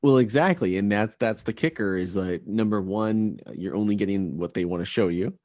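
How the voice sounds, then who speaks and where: Deep-voiced podcast host, dry sound. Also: male voice, normal speed, darkish tone, no room sound. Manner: reflective, fills with "you know". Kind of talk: casual conversation.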